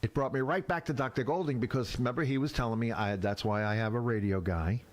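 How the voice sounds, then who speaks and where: Animated New radio veteran. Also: male voice, quick pace. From Brooklyn, New York. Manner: animated, acts out quoted people with big pitch jumps. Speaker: radio veteran on a podcast panel. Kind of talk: casual storytelling chat.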